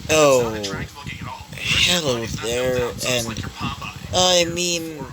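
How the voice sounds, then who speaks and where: A man's voice: mid-range voice, animated, very slow. A man reading as an awkward hesitant teenage boy. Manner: hesitant, full of ums. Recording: crowd noise behind.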